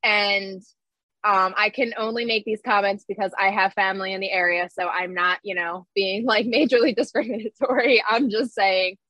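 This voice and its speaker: A woman's voice: medium pitch, fairly even intonation, normal speed, sharp tone, dry recording, low-quality recording. A woman co-hosting a casual podcast chat, blunt and ranting, laughing often. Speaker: podcast co-host.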